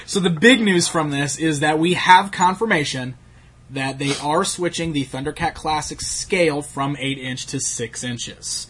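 A man's voice: a little high, unhurried, a bit bright, a little hiss or hum. A man hosting a casual chat about action figures, rambling with fillers and laughs. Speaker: toy collecting show host.

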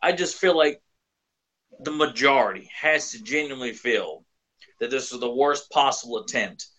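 A man in a casual podcast chat rants about a comic with dry sarcasm, stumbling over restarts as he talks. His voice has a bright, forceful edge. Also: medium pitch, normal speed, rough recording. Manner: sardonic, ranting with repeated restarts. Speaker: podcast co-host.

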